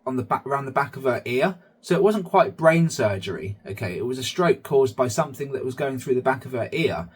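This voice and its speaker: A man's voice: medium pitch, animated, fairly quick, hardly any pauses, breathy edge. A man hosting his own vlog, chatty commentary that keeps addressing viewers as guys. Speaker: channel host.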